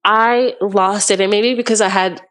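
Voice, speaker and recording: A woman's voice: medium pitch, fairly even intonation, normal speed, a bit bright. Young woman rambling through a story. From Canada. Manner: rambling, heavy use of "like", acts out quotes. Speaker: podcast guest. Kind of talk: casual storytelling.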